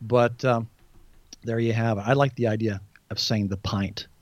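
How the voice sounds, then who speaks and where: A man's voice: on the low side, fairly even intonation, normal speed, a little mellow, no room sound. An American man chatting casually as a podcast guest, often stumbling and repeating words as he restarts. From United States. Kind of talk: casual conversational chat.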